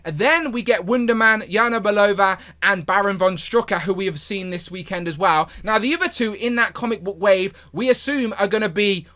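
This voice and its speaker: A man hosting a toy review video, talking in an enthusiastic, chatty way with a hoarse voice. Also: sits high, a little fast, few pauses, bright, forceful tone. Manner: enthusiastic, chatty, repeats pleas to viewers. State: hoarse, losing his voice. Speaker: toy review channel host.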